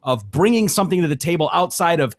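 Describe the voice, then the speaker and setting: Casting: slightly high-voiced man, blunt and profane podcast ranter, close dry mic. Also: lively intonation, quick pace, dry recording. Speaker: podcast co-host. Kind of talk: casual sports chat.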